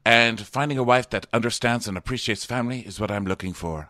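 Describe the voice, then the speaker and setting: A man's voice: mid-range voice, a little fast, hardly any pauses, pushed and bright, dry recording, clean studio sound. A man co-hosting a podcast, chatting sarcastically about a TV show and laughing often. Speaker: podcast co-host. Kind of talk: casual chat recapping a TV show.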